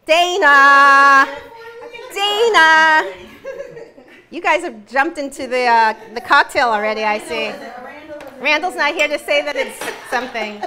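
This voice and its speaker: A woman's voice: high-pitched, moderate pace, a crowd in the background. A woman hosting a live cooking demonstration, chatty and giggly. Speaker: cooking show host.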